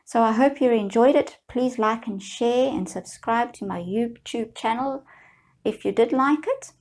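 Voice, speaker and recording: A middle-aged woman coaching listeners through a guided self-help exercise, speaking slowly in a soothing, gently encouraging way. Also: a little high. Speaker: healing coach.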